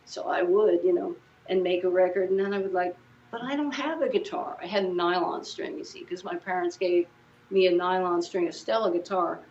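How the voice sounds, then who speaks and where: A woman's voice: lowish voice, flat delivery, a little fast, a little mellow, highs cut off, slight background noise. A woman in her seventies, a guest musician, chatting casually in an interview and telling rambling anecdotes full of restarts. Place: living room at home.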